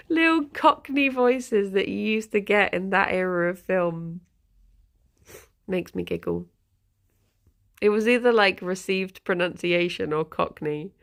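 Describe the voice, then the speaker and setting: A woman's voice: mid-range voice, creaky. A woman streamer chatting casually with her viewers, rambling and giggling often. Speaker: livestreamer.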